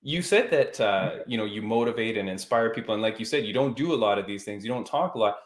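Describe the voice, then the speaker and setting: Man, podcast host, lowish voice, enthusiastic, casual chat, echoey room. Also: expressive, quick pace. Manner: enthusiastic, admiring, eager questions. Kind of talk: casual interview talk.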